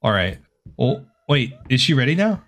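A man's voice: mid-range voice, big pitch swings, normal speed, a bit bright, a little hiss or hum. Guy streaming a horror game, cracks jokes, swears a lot, jumpy. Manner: jumpy, swears, jokes nervously, yelps at scares. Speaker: gaming video host. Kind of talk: let's play commentary.

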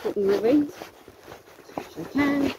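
A woman's voice: high-pitched, unhurried, noisy background. A woman riding her pony along a road, talking to it in short commands, praising and scolding it. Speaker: horse rider and vlogger.

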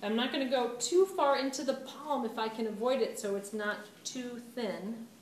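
A woman's voice: fairly high pitch, normal speed. A woman art teacher giving a casual, chatty clay demonstration to a class, laughing at her own mistakes. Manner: chatty, self-deprecating, laughs often. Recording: roomy, distant camera mic with background noise.

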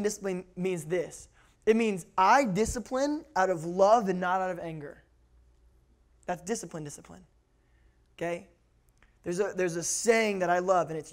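A man speaking as youth pastor, telling lively stories and repeating his key words for emphasis. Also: sits high. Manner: animated storyteller who acts out quotes, repeats key words. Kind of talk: youth ministry talk.

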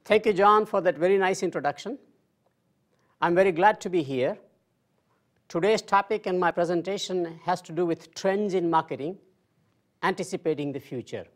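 A man in his sixties gives a marketing lecture in an informal, highly conversational way. He mixes dry self-deprecating jokes into his points and talks to the audience like a friendly teacher. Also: moderate pace, long pauses. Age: 60s. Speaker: marketing professor.

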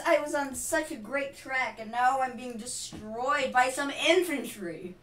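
A woman playing a tabletop wargame as the opponent, chatting casually with quick, wry replies and loud cries of disbelief. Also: high-pitched, echoey room. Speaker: opponent player. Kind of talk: casual chat while gaming. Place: home, at a game table.

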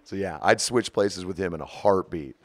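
A man in his forties, the guest of an interview, telling stories in an animated, profane way with frequent laughter. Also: low voice, normal speed. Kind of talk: storytelling interview.

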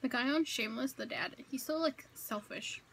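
A woman's voice: high voice, moderate pace, gravelly, fairly bright tone, slight background noise, low-quality recording. Chatty young woman vlogging from home. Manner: chatty, rambling, with many fillers and self-corrections. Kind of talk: casual eat-with-me vlog. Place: home, indoors.

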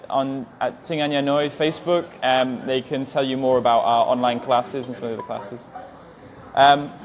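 At a language school, an English teacher in his twenties with an English accent from England hosts a live-stream Q&A, reading viewer questions aloud. His voice is medium-pitched with slight background noise, and he answers hesitantly, slowly and carefully, full of ums.

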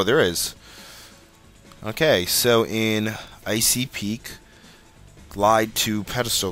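A man's voice: low-pitched, fairly bright tone. A young man casually commenting while he plays a video game, chatty and muttering at the game. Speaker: let's play host.

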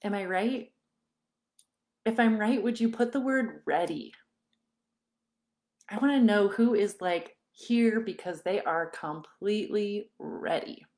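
A woman in her thirties, a parenting coach, leading a live online workshop in a chatty, storytelling way, laughing often and acting out quoted dialogue in lively voices. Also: medium pitch, takes it slowly, long pauses.

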